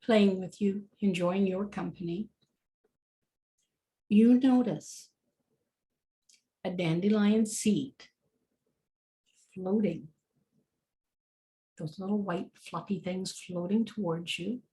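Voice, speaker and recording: A woman's voice: mid-range voice, slow pace, long pauses, warm tone. A woman leading a guided meditation in a casual, chatty way with many fillers.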